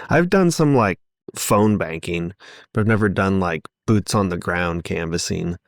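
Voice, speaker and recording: Man, very low voice, dry sound, laid-back and joking, casual podcast chat. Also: expressive, no echo. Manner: easygoing, quick to joke and laugh.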